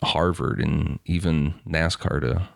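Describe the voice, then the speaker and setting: Deep voiced guy on a podcast, dry mic, chatty, chuckles a lot. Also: slow, vocal fry, dry recording. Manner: laughs between phrases, loose and chatty. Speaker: podcast co-host. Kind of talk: casual chat.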